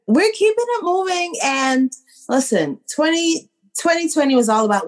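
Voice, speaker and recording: A woman's voice: high-pitched, big pitch swings, normal speed. Tipsy, rambling woman. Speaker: podcast co-host. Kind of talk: casual chat.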